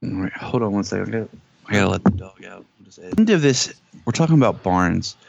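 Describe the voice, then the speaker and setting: A podcast co-host with a deep, gravelly, slightly mellow voice talks quickly and expressively in a casual TV review chat, joking and acting out quotes in a raised voice. The recording is dull, dry, and lo-fi.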